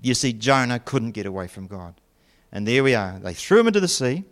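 A man's voice: medium pitch, very animated, a little fast. A man preaching a sermon, retelling a story with jokey asides and mock voices.

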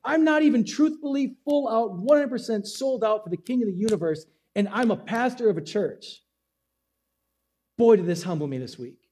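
A man's voice: high-pitched, mellow. A man preaching as a pastor, casual and self-deprecating, acting out little asides in a sermon to his church.

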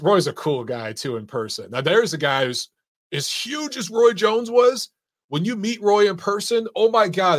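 A man's voice: a little high, no room sound, clean studio sound. Laid-back man hosting a call-in show. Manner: laid-back, laughs often, swears casually. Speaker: host of a boxing call-in show. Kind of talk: casual chat.

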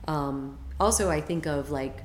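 A woman's voice: deep voice, measured pace, echoey room, slight background noise. A woman guest on a podcast, a health coach talking in a chatty, enthusiastic way with lots of fillers. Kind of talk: casual interview chat.

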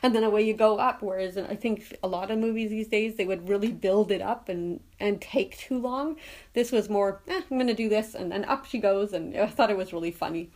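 A woman's voice: mid-range voice, fairly quick, a little mellow. A woman hosting her own podcast, chatting casually and laughing often as she retells favorite movie scenes. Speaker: podcast host. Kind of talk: casual solo podcast chat.

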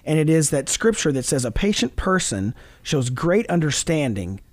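On a Christian talk show, a middle-aged man speaks earnestly about fatherhood in an animated, preachy manner, quoting scripture and laughing often. His voice is a little high, his speed normal, and the recording has no echo.

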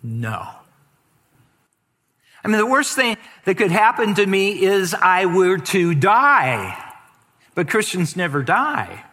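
A man's voice: sits high, wildly swooping pitch, slow pace, pauses often, bright, forceful tone. A man preaching a sermon as pastor, reading scripture aloud and stretching out key words for emphasis. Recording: long hall reverb.

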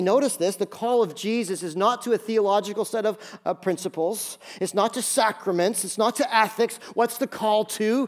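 Male pastor, higher register, emphatic sermon delivery, acts out quoted lines. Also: normal speed, hardly any pauses. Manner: emphatic preaching with repeated phrases.

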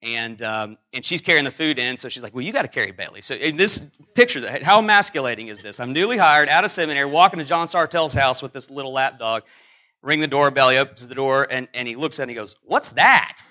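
Halting, bright-voiced male preacher. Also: medium pitch, lively intonation, dull audio. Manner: halting, anecdotal, many fillers and restarts. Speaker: pastor. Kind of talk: sermon with personal story.

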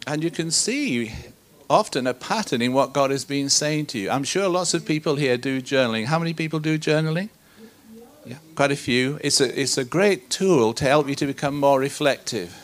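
A man preaching a sermon to a congregation, teaching in an earnest, conversational way with rhetorical questions. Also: mid-range voice.

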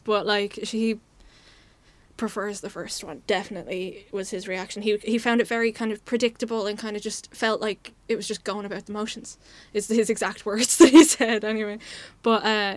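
A woman's voice: medium pitch, steady tone, moderate pace, no echo. A woman joining a podcast film chat, talking hesitantly with many fillers and giggles. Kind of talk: casual film discussion.

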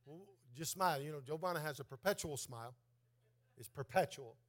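A male pastor preaching a sermon in church. He tells a funny story, then builds into a sing-song, shouted call to the congregation. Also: fairly high pitch, fairly quick.

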